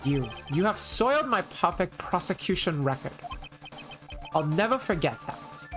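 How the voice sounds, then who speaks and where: A woman's voice: fairly low pitch, big pitch swings, measured pace. A woman voicing a stern, haughty young female prosecutor with a German accent, clipped and imperious, with game music underneath.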